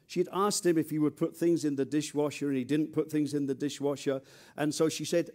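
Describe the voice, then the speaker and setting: Man, preacher, mellow tone, raised pitch, chatty sermon, stumbles and repeats words. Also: steady tone, fairly quick. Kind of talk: conversational sermon.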